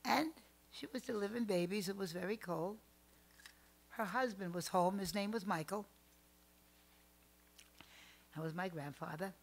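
An older woman telling family stories as a podcast guest, animated, swinging between loud outbursts and hushed asides. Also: medium pitch, normal speed, gravelly. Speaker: psychic guest. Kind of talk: storytelling in a podcast interview.

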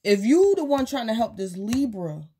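A woman's voice: fairly high pitch, very animated, normal speed, warm tone, husky. A woman casually giving a tarot reading, speaking straight to the viewer and acting out quotes from imagined people. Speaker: tarot reader.

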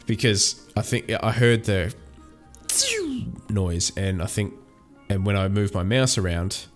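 A young man hosting a gaming channel gives casual let's-play commentary as he plays a video game, rambling with lots of fillers and restarts. His voice is fairly low and slow, with faint music in the background.

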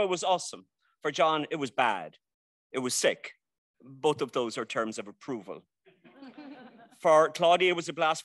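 An Irish man, a university teacher, makes the case for a classic book to a library audience. He is wry and rhetorical, rolls out long lists and drops dry jokes. His voice sits a little high for a man, and the sound is dry with no room echo. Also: fairly bright tone. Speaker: debate speaker championing a classic novel. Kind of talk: prepared persuasive speech. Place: indoor library event before an audience.

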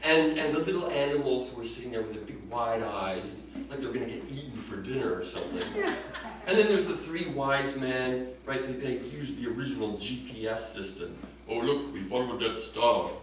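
A man performing a stand-up comedy set in a prim, self-mocking deadpan style, heard from a distance in an echoey room with audience laughter behind him. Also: mid-range voice, fairly quick. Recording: echoey room recorded from afar with audience noise.

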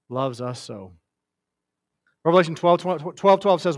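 A man delivers a sermon in a higher-than-usual voice. He preaches with passion, swinging between loud, ringing declarations and soft, hushed phrases. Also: expressive, moderate pace.

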